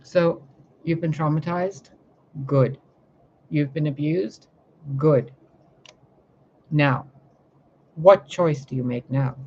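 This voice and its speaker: A woman's voice: deep voice, slow, long pauses, mellow, highs cut off, slight background noise. A woman tarot reader giving an impassioned spiritual monologue, fiery and confrontational, full of swearing and rhetorical questions.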